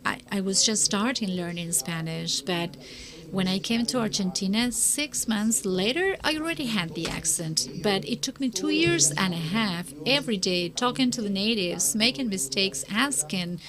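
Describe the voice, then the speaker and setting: A woman's voice: medium pitch, animated, moderate pace, crowd noise. A woman speaking at a conference, answering audience questions in an earnest, encouraging way and often repeating words as she starts a sentence. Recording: live conference with audience noise.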